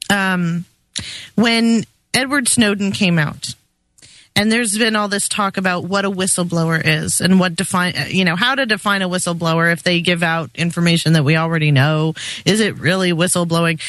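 A woman speaks as co-host on a talk radio show, making her points emphatically with a few hesitations. Her voice sits at a middle pitch in a dry, close recording. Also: fairly bright tone, no room sound.

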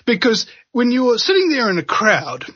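Sarcastic laughing man host, husky. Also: very high-pitched, moderate pace, dry recording. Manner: sarcastic, laughs often, animated. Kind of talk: casual conversation, commentary. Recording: dull, dry lo-fi audio.

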